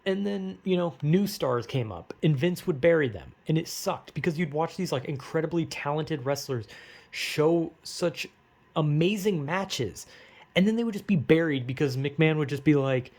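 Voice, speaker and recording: A man's voice: on the high side, expressive, normal speed, darkish tone. Rambling, frustrated young-sounding man. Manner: rambling, frustrated, swears often, many fillers. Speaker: wrestling fan vlogger. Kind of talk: casual rant.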